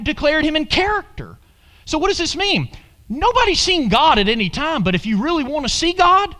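Man, preacher, sermon, high voice, very lively pitch, questions the congregation. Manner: animated preaching, asks the congregation questions and calls "Amen?".

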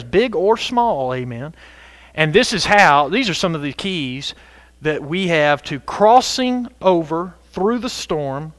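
A man preaching a sermon as pastor, animated and conversational, breaking into sudden shouts for emphasis. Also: high voice, dry recording.

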